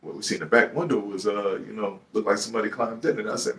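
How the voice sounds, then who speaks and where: A man with a Detroit accent tells a story from his own life in loose, profane street talk and jumps into loud acted-out bits. His voice sits low and heavy. He sounds a little far from the mic. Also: steady tone, fast, few pauses. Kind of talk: casual storytelling.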